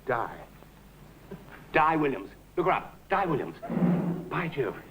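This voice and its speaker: A caddish middle-aged charmer, full of clipped, jaunty patter. His voice leaps up and down with lively swings of pitch. It comes through a hissy old television soundtrack. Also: takes it slowly, heavily acted, rough recording. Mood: breezy, scheming. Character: caddish middle-aged English ladies' man, breezy schemer. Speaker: comic lead. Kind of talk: 1960s studio sitcom acting.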